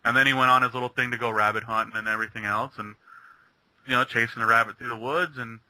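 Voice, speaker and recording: Bright-voiced man telling a story. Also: medium pitch, steady tone, fast talker, dry recording, rough recording. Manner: rambling storyteller, stumbling restarts. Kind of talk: casual chat.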